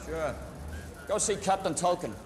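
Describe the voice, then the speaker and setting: A foul-mouthed police boss snapping curt orders at a subordinate. The voice rides a little high for a man. It has the clipped feel of a film scene. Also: unhurried. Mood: scolding. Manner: curt, crude, barking orders. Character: gruff strict male police superior giving orders.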